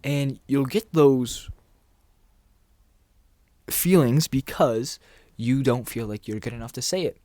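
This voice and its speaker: A man's voice: mid-range voice, takes it slowly, pauses often, no room sound. Male self-help coach, easygoing delivery, mid-range voice, dry close recording. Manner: relaxed, conversational, acts out little dialogues. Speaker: dating and confidence coach. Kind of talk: casual talking-head advice.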